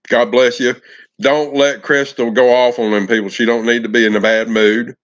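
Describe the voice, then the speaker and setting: A folksy, affectionate man talks casually to his viewers on a live stream and greets them by name. His voice sits on the low side. The audio is dull and lo-fi.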